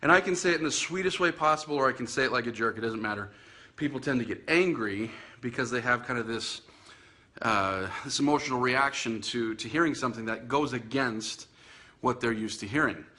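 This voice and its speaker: Bright-voiced chatty male podcast host. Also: medium pitch, brisk. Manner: chatty, self-teasing, many fillers and restarts. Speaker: podcast host and dog trainer. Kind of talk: casual video podcast monologue. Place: indoors in front of a Christmas tree.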